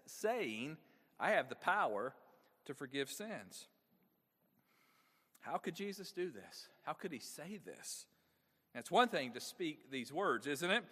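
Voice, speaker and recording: Animated pastor preaching in a reverberant hall. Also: male voice, a little high. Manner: engaging, asks the congregation frequent rhetorical questions. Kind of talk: sermon.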